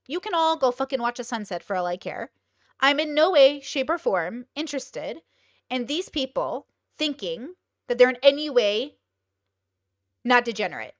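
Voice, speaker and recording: A young woman hosting a live stream, talking bluntly with lots of swearing and rapid rhetorical questions. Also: a little high, sing-song, no echo, studio quality. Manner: blunt, profane and exclaiming. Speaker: streamer host. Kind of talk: casual live-stream commentary.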